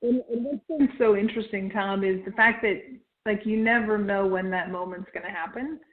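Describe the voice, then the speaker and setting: A woman's voice: mid-range voice, moderate pace. A woman guest in an interview, talking conversationally with many "you know" fillers. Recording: tinny phone-like line.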